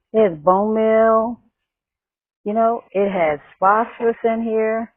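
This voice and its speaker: A woman chats on camera out in her garden, rambling and restarting her sentences as she works. She talks slowly in a husky voice. The sound is thin and phone-like, with no room echo. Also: mid-range voice. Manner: chatty, rambling, with many restarts. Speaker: gardening vlogger. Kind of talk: casual gardening vlog. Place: outdoors in a garden. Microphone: camera microphone.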